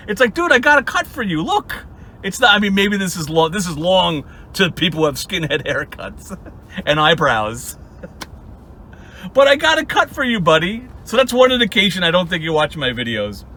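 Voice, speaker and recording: A man's voice: high-pitched, pushed and bright. A man hosting a casual commentary vlog, mocking someone with frequent laughs and silly impressions. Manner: mocking, laughs often, mimics others in goofy voices. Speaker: YouTube commentary host.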